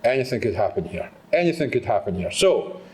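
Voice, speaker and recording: A man's voice: medium pitch, big pitch swings, fairly quick, a little hiss or hum. A Scottish man giving an engaging live talk at a conference, drawing the audience into participation. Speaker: conference speaker. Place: conference hall.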